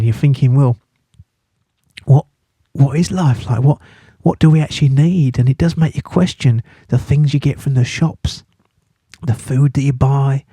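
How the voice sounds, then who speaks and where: A man's voice: medium pitch, warm tone, dry recording. A man teaching a casual study-guide lesson, chatty and playful, with jokey asides. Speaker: English literature teacher.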